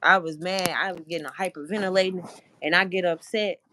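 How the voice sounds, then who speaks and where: A woman's voice: on the low side, steady tone, a little fast, sharp tone, a little hiss or hum. A woman guest in casual chat, telling personal stories in an earnest, reflective way. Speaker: podcast guest.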